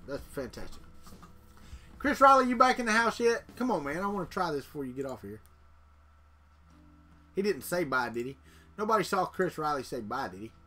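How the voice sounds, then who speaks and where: Man, bright fairly high voice, chatty livestream host, faint music behind. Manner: chatty, reads viewer comments aloud, jokes. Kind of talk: casual live chat with viewers.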